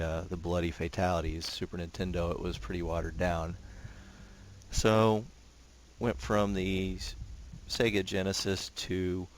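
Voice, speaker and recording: Deep-voiced man rambling over gameplay. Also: slight background noise. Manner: relaxed rambling, frequent fillers and restarts. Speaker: gameplay commentator. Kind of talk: casual gameplay commentary.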